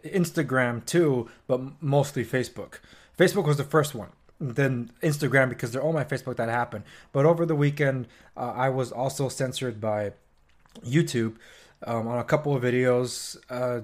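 Chewing at times as he talks, a young podcast host delivers an unscripted, filler-heavy news rant. He's animated and opinionated, his pitch spiking when he gets heated, and he sprinkles in sarcastic asides with mock quotes.

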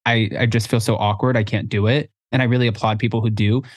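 A man's voice: fairly low pitch, level tone, quick pace, no echo. Man, podcast co-host, playful chat, laughs a lot, dry studio sound. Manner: chatty, playful, laughs often. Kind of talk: casual chat.

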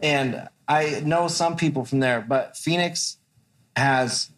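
A laid-back man trading stories and jokes on a podcast, swearing freely as he talks. His voice sits slightly high for a man, with an easy, loose delivery. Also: slow pace, fairly bright tone. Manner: joking, profane, laid-back. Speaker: podcast co-host, tattoo artist. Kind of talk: casual podcast banter.

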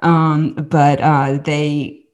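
A woman's voice: deep voice, little pitch movement, drawn-out words, a little mellow. A woman from the American South with a Southern accent, sharing a personal faith story in earnest, chatty conversation and acting out the quotes. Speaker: podcast host and guest storyteller.

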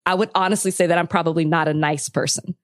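A woman's voice: fairly low pitch, steady tone, fast. A woman co-hosting a podcast in casual chat, blunt and emphatic in her opinions. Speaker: podcast co-host.

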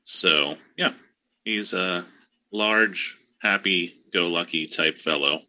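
A man's voice: sits low, takes it slowly, bright, forceful tone. A man on a podcast panel in casual chat, laid-back and chuckling. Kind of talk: casual fan-casting chat.

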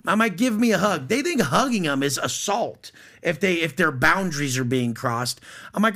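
A man's voice: on the high side, expressive, normal speed, gravelly, sharp tone. A man talking as a podcast guest in casual conversation, blunt, profane and boastful.

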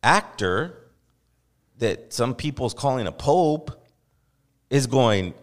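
A man's voice: mid-range voice, sing-song, slow pace, pauses often. A man hosting a podcast, ranting with passion and profanity and voicing mock quotes to make his point. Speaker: podcast host. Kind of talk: heated podcast discussion. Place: podcast studio.

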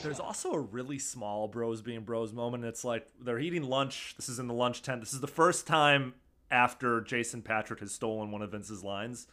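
A man's voice: mid-range voice, moderate pace, bright, forceful tone. A man co-hosting a podcast in casual chat, chatty, laughing often and swearing casually. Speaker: podcast co-host.

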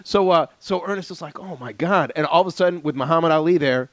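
Guy cohosting a podcast, kinda high voice, tells stories, laughs a lot, muffled audio. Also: fast talker, a crowd in the background. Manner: animated storyteller, laughs often, repeats words. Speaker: podcast co-host. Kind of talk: casual chat about old TV shows.

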